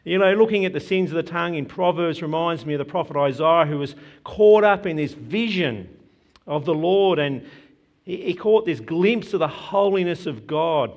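A man preaching a sermon, earnest and measured, quoting scripture with emphasis. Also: on the high side, animated, dull audio.

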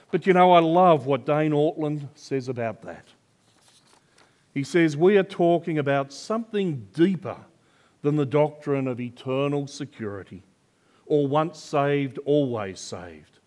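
An older man preaching a sermon, slow and earnest, building to emphatic swells of conviction. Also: on the high side, expressive, darkish tone. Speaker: pastor.

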